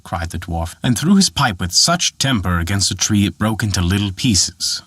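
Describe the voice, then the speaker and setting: A man narrating a folk tale in an expressive, animated storytelling manner. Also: low voice, moderate pace, hardly any pauses, slightly rough, no room sound, clean studio sound.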